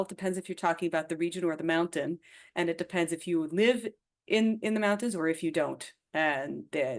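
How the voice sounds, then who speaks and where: A woman author chatting as a guest on a livestream, talking loosely with many fillers and teacherly asides. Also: low voice. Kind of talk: casual livestream chat.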